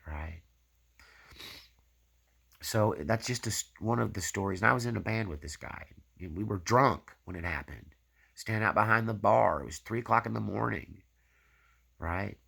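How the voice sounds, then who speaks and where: A man's voice: deep voice, gravelly, fairly bright tone, breathy edge. A man hosting his own channel, giving a rambling personal faith testimony full of tag questions. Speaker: channel host.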